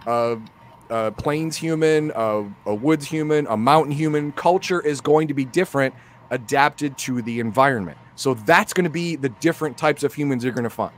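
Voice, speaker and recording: A man's voice: mid-range voice, normal speed. A man, a guest on a casual panel discussion, explaining ideas and repeating small words as he thinks.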